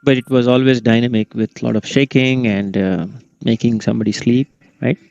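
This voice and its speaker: A man's voice: medium pitch, fairly even intonation, brisk, creaky, a little mellow, no echo, soft background music. A man co-hosting a podcast in casual chat, laid-back and often laughing. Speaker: podcast co-host. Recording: dull lo-fi sound.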